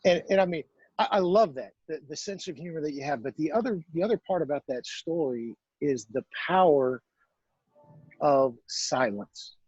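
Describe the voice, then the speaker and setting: A man's voice: a little high, animated, normal speed, a little mellow, breathy edge, no room sound, highs cut off. A man hosting an interview podcast, talking in a thoughtful way and repeating words as he searches for them. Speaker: podcast host. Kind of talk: reflective interview chat.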